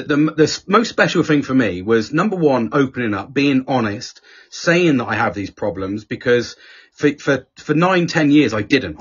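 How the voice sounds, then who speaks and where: On a dull, lo-fi recording, a podcast guest shares personal stories in a frank, chatty conversation. His voice is husky and sits in the mid range. He curses nonstop and keeps starting his sentences over.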